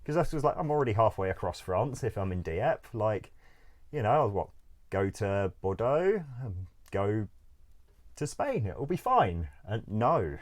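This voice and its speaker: Male interview guest with a very deep voice. Casual, rambling storyteller who swears and laughs a lot. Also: sing-song, measured pace. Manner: rambling, full of "like", swears freely, laughs often.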